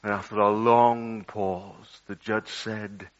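A man preaching a sermon, swinging dramatically between loud outbursts and hushed, low passages. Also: flat delivery, takes it slowly. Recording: dull lo-fi audio.

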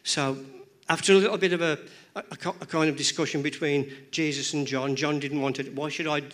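A male preacher delivering a sermon in a church, his voice sitting a touch higher than most men's. He talks in rhythmic, emphatic runs, circling back over words and phrases to drive each point home. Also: fairly even intonation, normal speed, fairly bright tone.

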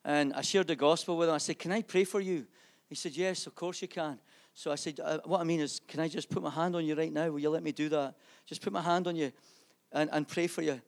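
A man preaching in a church, sharing a testimony from the pulpit. His voice sits a little high and carries a gravelly edge. He swings between loud fervour and quiet, intimate moments. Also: steady tone, brisk. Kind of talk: sermon with personal testimony.

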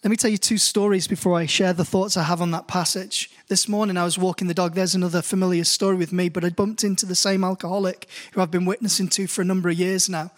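In a church hall, a British-accented pastor preaches a sermon. He reads scripture slowly and deliberately, then moves into storytelling, his pitch rising as he grows more animated.

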